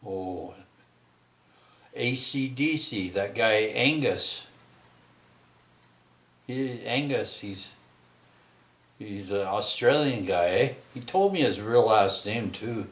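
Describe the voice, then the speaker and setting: In a reverberant space, a vlogger with a low voice but lively intonation tells a personal story in a rambling monologue. He halts, restarts often, and leans on tag questions.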